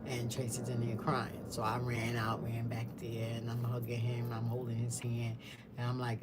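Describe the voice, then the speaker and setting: A woman's voice: very deep voice, moderate pace, heavy background noise. Woman, just chatting through a family story, acts out what folks said. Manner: animated, mimics other people's voices. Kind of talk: casual storytime chat.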